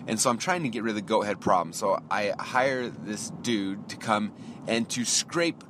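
A man's voice: fairly low pitch, moderate pace, background noise. Man ranting through a story. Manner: animated ranting, quoting himself and others in dialogue. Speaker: podcast host. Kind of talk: casual storytelling rant.

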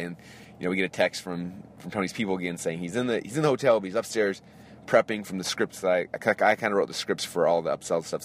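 A man with a fairly low voice tells a story at a rapid clip, like a podcast host. He acts out his own excited reactions along the way. There is clear background noise from traffic or the street. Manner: excitable, animated retelling with quoted reactions and laughs. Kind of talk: casual storytelling monologue.

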